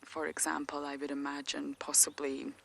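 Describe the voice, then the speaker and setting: A woman presenting a live wildlife show, telling stories in a relaxed, conversational way that turns soft and breathy at times. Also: sits low, moderate pace.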